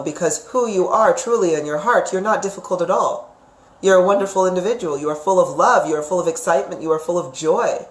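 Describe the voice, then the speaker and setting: A woman giving live psychic readings, chatty and rambling, who affectionately calls her viewers sweetheart. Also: on the low side. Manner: chatty and rambling, with frequent fillers and restarts. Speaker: psychic reader. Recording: echoey room.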